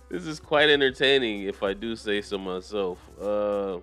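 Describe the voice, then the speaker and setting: A young man hosting a casual commentary show, reading news aloud with profane, animated riffs and frequent laughter. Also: fairly low pitch, normal speed, clear, resonant tone, faint music behind. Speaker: commentary channel host.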